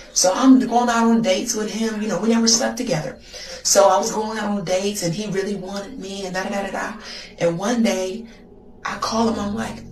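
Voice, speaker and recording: American woman, casual slangy storytelling, dramatic, middle-pitched voice. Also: reverberant. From United States. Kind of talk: casual storytelling on social media.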